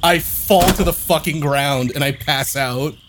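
A man's voice: a little high, unhurried, noisy background. A man playing a tabletop game, talking heatedly and swearing a lot. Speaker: player. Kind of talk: tabletop role-play.

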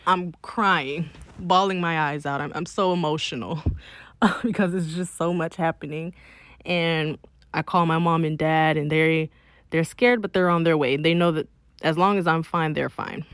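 A young woman from Miami telling a personal story in a casual, emphatic, animated way, often saying "like.". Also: low-pitched, no room sound. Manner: emphatic, animated retelling with frequent "like".

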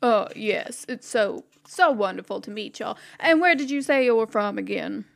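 A woman's voice: a little high, expressive, moderate pace, gravelly. A woman voicing a reluctant but politely gushing male townsman.

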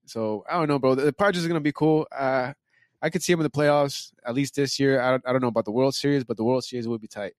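A man chatting casually on a podcast, with quick, slangy reactions. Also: mid-range voice, dry recording, studio quality. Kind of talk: casual chat.

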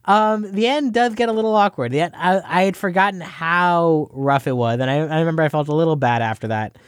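A man's voice: fairly high pitch, brisk, clear, resonant tone, no echo, studio quality. A man being interviewed, talking in a hesitant, self-conscious way with many restarts. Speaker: interview guest. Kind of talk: conversational interview.

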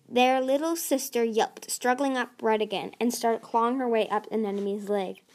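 A woman reading a fantasy storybook aloud for listeners. Her voice sits fairly high. She stumbles now and then and restarts a word. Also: fairly even intonation, normal speed, darkish tone. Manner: reads with small slips and restarts. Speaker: audiobook reader. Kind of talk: storybook narration.

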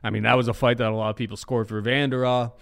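A man co-hosting a casual podcast, talking through fight odds in a measured, analytical way with frequent fillers. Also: medium pitch, level tone, creaky, fairly bright tone, clean tone. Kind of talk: casual podcast chat making betting picks.

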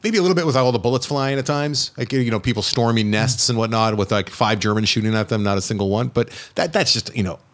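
A man from the United States co-hosting a casual film podcast, animated and teasing, playfully scolding his friend. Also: medium pitch, quick pace, few pauses. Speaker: podcast co-host, film reviewer. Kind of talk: casual chat.

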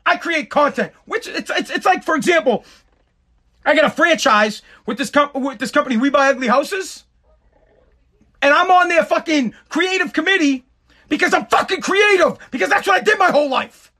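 A man's voice: very high voice, lively intonation, moderate pace, sharp tone. A man with a tired, worn voice giving a profane, rambling, sarcastic casual monologue. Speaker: content creator.

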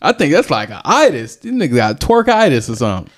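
A man in hosts a relaxed podcast conversation. His voice is lively and swings widely in pitch, leaping high on questions. He talks in a loose, rambling way. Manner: loose, rambling, quick jumps in pitch when asking. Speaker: podcast host. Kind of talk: casual chat.

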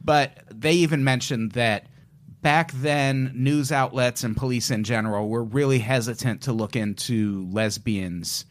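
A man's voice: mid-range voice, unhurried. A man co-hosting a podcast, telling a crime story in a casual, joking way. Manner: joking, storytelling, puts on an old-timey voice at times. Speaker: podcast co-host.

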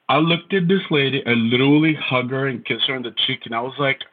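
A man's voice: mid-range voice, fairly even intonation, fast talker, hardly any pauses, slightly rough, phone-quality sound. A Bulgarian man in his thirties with a Bulgarian accent, a podcast guest telling his story in a wry, self-deprecating way. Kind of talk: casual storytelling interview.

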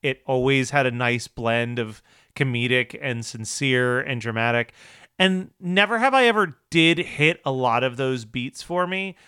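Bright, crisp-voiced man recapping. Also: mid-range voice, unhurried, dry recording, studio quality. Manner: wry, chatty, laughs often. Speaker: podcast co-host recapping episodes. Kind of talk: casual chat.

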